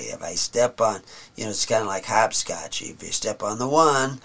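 A man teaching from the Bible, reading verses slowly and solemnly and then explaining them in plain talk. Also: lowish voice, expressive, vocal fry, a bit bright.

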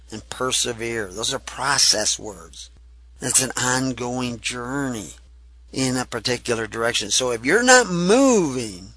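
Animated Texan preacher man. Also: mid-range voice, dry recording. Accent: Southern US (Texas). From Texas. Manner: folksy, emphatic preaching with rising bursts. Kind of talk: sermon.

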